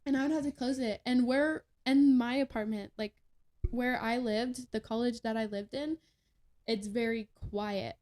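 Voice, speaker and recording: A woman's voice: fairly high pitch, steady tone, unhurried, a little mellow. Chatty young woman telling a story. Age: young adult. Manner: chatty, laughing, many fillers and restarts. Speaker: podcast guest. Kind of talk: casual storytelling.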